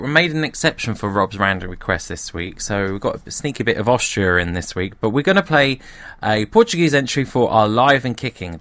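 Male presenter, casual and talkative, slightly low pitch, dry recording. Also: fairly bright tone, no echo. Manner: chatty and informal, with asides and chuckles. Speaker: host of a music show. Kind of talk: casual radio-style presenting.

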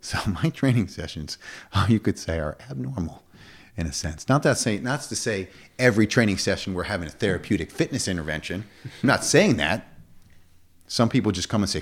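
A man in his forties, a fitness coach, talking casually and emphatically in an interview, often repeating himself. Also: animated. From United States. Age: 40s. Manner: emphatic, repetitive, quick swings up to a high pitch.

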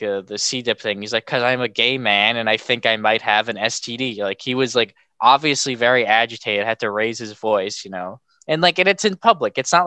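As a guest on a podcast, a young man rambles through casual stories, leaning on "like" in almost every phrase. He has a bright, forceful, clean mid-range voice, captured with no echo.

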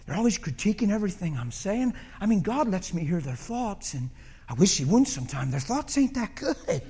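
A man playing a dejected Jesus who talks in a low, weary, offhand mumble. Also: sing-song, fairly quick, a little mellow. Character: downcast adult male Jesus, weary and bummed out.

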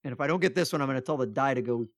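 A man co-hosting a casual trivia chat, relaxed and self-mocking, reading questions out slowly while drinking beer. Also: medium pitch, dry recording, clean studio sound. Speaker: podcast co-host playing trivia.

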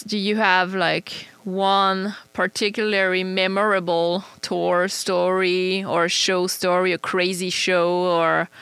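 A woman's voice: medium pitch, a bit bright, smooth, dry recording. Casual woman podcast host, dry sound. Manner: brief backchannels, laid-back questions. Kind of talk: casual interview chat.

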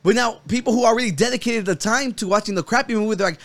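A man's voice: high voice, fast. A man in a casual podcast chat, arguing his point insistently. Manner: argumentative, insistent. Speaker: podcast co-host.

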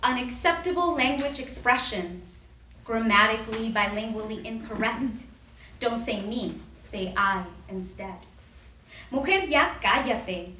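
A nervous woman poet from Mexico reads her poems at a live event, in a soft, hesitant way. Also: a little high, a little hiss or hum. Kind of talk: poetry reading. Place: live literary event indoors. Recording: roomy hall, distant mic, faint ambience.

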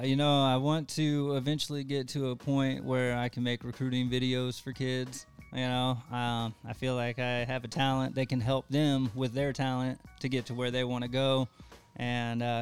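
A man guest on a sports chat show, answering in a calm, measured, agreeable way. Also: mid-range voice, faint music behind. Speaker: guest, sideline photographer. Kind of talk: casual interview answers.

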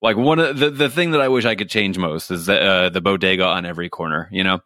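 A man's voice: deep voice, fast, bright, forceful tone, dry recording, clean studio sound. A man from New York City, a guest on a podcast, chatting casually in a wry, joking way and laughing often. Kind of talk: casual interview chat. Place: home in Los Angeles.

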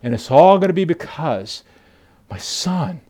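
A man voicing an overjoyed father who shouts with delight. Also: fairly high pitch, sing-song, unhurried. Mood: jubilant. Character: overjoyed father welcoming his son home.

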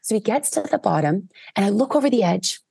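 Canadian woman, podcast guest, low raspy gravelly voice, dry close sound, lively storyteller. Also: fairly quick, dry recording. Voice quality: gravelly, husky. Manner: animated, expressive, with big pitch swings and laughs. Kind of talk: casual storytelling.

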